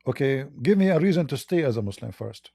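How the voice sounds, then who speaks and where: A man with a very dark, mellow voice hosts a live call-in debate. He talks haltingly, restarting and repeating words as he presses his caller with blunt questions. The sound is dry and close. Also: medium pitch, expressive, vocal fry, breathy edge, no room sound. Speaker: debate host.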